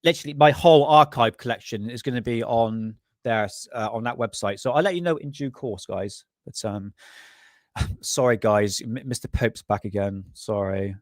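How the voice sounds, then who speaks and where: A man's voice: mid-range voice, moderate pace, no echo, studio quality. A middle-aged British man hosting a casual livestream, reading aloud from an old magazine in a rambling, joking way with crude asides and chuckles. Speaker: livestream host.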